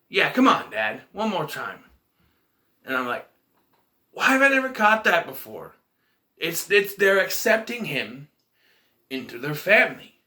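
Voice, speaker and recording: A man's voice: high voice, sharp tone. A man casually reviewing a movie in a vlog, retelling scenes in a rambling, emotional way.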